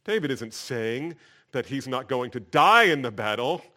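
A man's voice: mid-range voice, very animated, a little slow, pushed and bright. A male pastor gives a morning sermon. He reads verses aloud with building fervor and drops into a plain, conversational tone to explain them.

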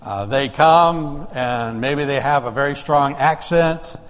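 A man's voice: medium pitch, takes it slowly, a bit bright, big-room sound. A man preaching a sermon in a conversational way, asking the congregation rhetorical questions and often restarting his sentences. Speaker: pastor.

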